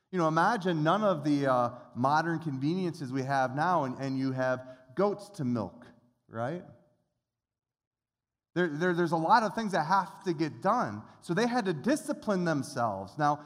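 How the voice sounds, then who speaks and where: A middle-aged man pastor preaching a sermon in an earnest, conversational way, often restarting his phrases. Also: on the high side. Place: church sanctuary. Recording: long reverb of a church hall.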